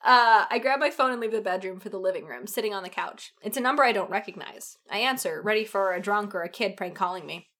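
Bright-voiced woman reading aloud. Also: mid-range voice, fast, few pauses. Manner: giggly, breaks into laughter and off-key singing. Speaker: podcast co-host reading fan fiction aloud. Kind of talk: comedic dramatic reading with banter.

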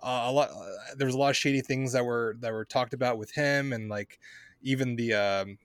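Man, average pitch, casual podcast chat, halting, many fillers, dry sound. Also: no echo. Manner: halting, full of uh and um. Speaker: podcast co-host.

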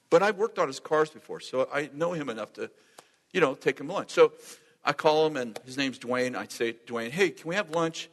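A man preaching a sermon as a lively storyteller who acts out the dialogue and laughs often. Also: mid-range voice. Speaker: pastor. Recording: long hall reverb.

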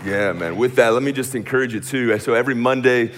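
A man preaching a sermon as pastor in a church room, energetic and informal, often saying "man" and speeding up when he gets worked up. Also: mid-range voice, quick pace, over music, a crowd in the background.

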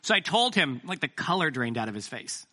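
A man's voice: fairly high pitch, big pitch swings, brisk, sharp tone. A man preaching a sermon as pastor, talking conversationally with self-deprecating jokes.

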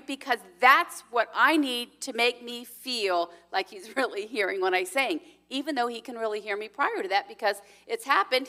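A woman's voice: high voice, sharp tone. A middle-aged woman sharing earnestly and personally in a sermon alongside her husband. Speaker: pastor's wife, co-speaker.

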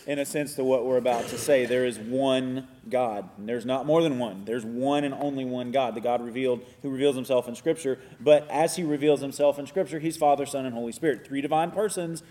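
A man co-teaching a church class, explaining doctrine in an earnest, measured way. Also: mid-range voice, dark tone. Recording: reverberant hall.

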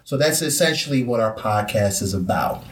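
A young man from the Caribbean hosting a casual podcast chat, relaxed and easygoing with plenty of fillers. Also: fairly low pitch, moderate pace. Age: young adult. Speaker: podcast host. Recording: roomy echo.

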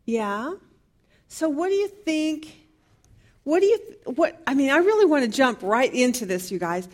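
A woman's voice: high-pitched, very animated, measured pace. A woman teaching a Bible study class, earnestly asking the group question after question.

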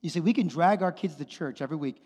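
A man's voice: on the high side, fast, husky. A man in his thirties preaching a sermon to parents, casual and conversational, often repeating his phrases. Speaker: pastor. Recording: long hall reverb with loud music underneath.

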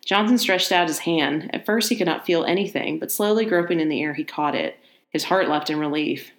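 A woman reading a horror story aloud in steady narration, now and then adding a casual aside of her own. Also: sits low, fairly quick, roomy sound.

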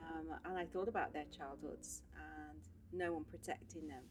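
A woman guest on a podcast, telling stories from her life in a casual, animated way. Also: deep voice, moderate pace, background noise. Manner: animated storyteller, laughs often. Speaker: podcast guest, social worker. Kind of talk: casual storytelling chat.

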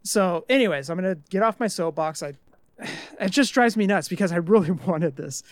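A man's voice: high-pitched, expressive, normal speed, no room sound, studio quality. A man co-hosting a casual podcast, ranting in an exasperated way with some mild swearing. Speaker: podcast co-host.

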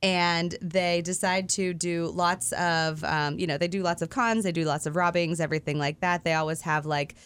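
A woman's voice: on the low side, steady tone, moderate pace, hardly any pauses, a bit bright, clear, resonant tone. Chatty, laughing woman radio co-host. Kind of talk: casual morning radio chat.

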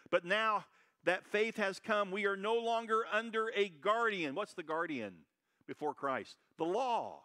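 A pastor preaching a sermon, loud and brash, swinging between shouted high points and quiet asides. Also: male voice, animated, unhurried.

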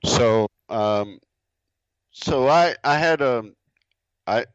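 A man talking in a laid-back way in a casual chat, with halting restarts and dry humor. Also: mid-range voice, smooth, no room sound. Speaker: podcast guest, dropzone owner. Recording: dull lo-fi sound.

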